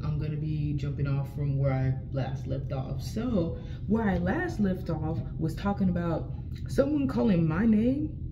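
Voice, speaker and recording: A young adult woman telling a casual storytime vlog, animated and profane, with lots of slang and acted-out quotes of herself. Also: lowish voice, background noise. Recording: slightly dull lo-fi sound.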